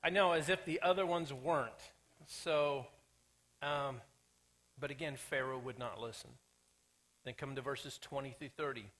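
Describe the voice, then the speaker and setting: A man preaching a sermon as pastor, animated, joking and acting out the people in the story. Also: medium pitch, unhurried, long pauses. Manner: animated, acts out quoted characters, jokey asides. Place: church sanctuary.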